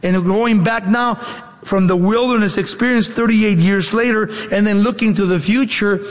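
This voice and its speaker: Male preacher, high voice, emphatic sermon delivery, echoey hall. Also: moderate pace. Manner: emphatic, rhetorical questions. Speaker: pastor.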